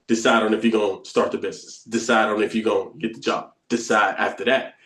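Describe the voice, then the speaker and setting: A man's voice: fairly low pitch, fairly even intonation, quick pace, a bit bright, reverberant. A man leading a live online coaching session, teaching with emphatic repetition and quizzing the group. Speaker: bootcamp coach.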